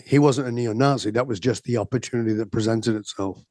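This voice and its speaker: A man coaching and telling stories with emphatic energy, voicing both sides of quick exchanges. His voice sits at an ordinary middle pitch, and the recording is dry and close. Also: a little mellow, no echo. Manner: acts out dialogue in quick back-and-forth, emphatic. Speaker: transformation coach, guest. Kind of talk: animated storytelling in conversation.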